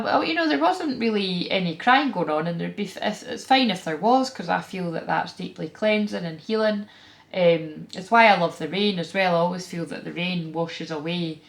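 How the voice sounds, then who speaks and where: Scottish woman, vlog host, low gravelly voice, blunt and chatty delivery. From Scotland. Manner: frank, animated, chatty with frequent fillers and asides. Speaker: tarot reader and spiritual channeler. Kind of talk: casual spiritual vlog talk.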